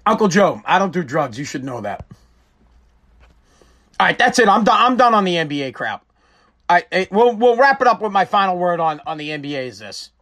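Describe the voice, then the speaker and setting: A man's voice: high-pitched, very animated, brisk, a bit bright. A man hosting a casual live-stream talk show, rambling and joking with frequent swearing. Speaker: show host.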